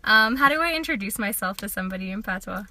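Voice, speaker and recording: A woman's voice: mid-range voice, animated, fast, bright, forceful tone. A woman interviewing a guest in a casual, upbeat way, asking curious questions.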